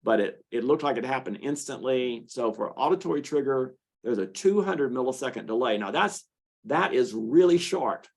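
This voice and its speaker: Man lecturing in a relaxed, chatty way. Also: medium pitch, normal speed. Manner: conversational with frequent fillers and restarts; tells patient stories with acted quotes. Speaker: clinician presenting a treatment model. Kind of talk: lecture to an audience.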